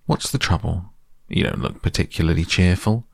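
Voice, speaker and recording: A man's voice: low voice, moderate pace, creaky, no echo, studio quality. A man doing a kindly rustic engine driver. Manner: homely country dialect, easygoing.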